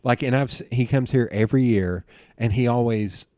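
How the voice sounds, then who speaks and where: A man hosting a casual podcast interview. He rambles excitedly from one tangent to the next. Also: mid-range voice, moderate pace, dry recording, studio quality. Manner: rambling, excitable storyteller who jumps between tangents. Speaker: podcast host.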